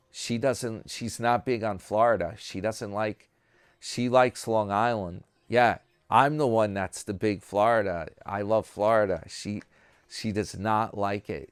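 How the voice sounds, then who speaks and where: Slow, smooth-voiced rambling vlogger man. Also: lowish voice, fairly even intonation, no echo. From New York. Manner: rambling, self-mocking, talking to subscribers. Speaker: vlogger host. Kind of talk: casual chat.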